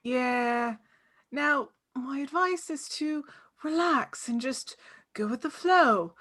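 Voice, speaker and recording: A woman doing a slow, offhand young man. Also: high-pitched, fairly bright tone. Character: laid-back young man who mixes drugs. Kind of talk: amateur script reading.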